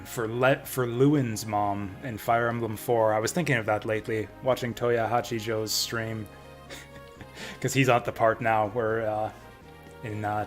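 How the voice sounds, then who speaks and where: A man streaming a game from home, chatting casually and ranting bluntly with plenty of swearing. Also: lowish voice. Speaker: livestreamer playing games. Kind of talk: casual live-stream commentary.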